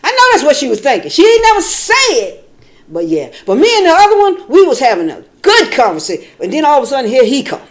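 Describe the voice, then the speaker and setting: A woman vlogging in casual talk, rambling and animated, dropping from quiet and low to loud outbursts, swearing freely. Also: quick pace, slight background noise. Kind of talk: casual storytelling.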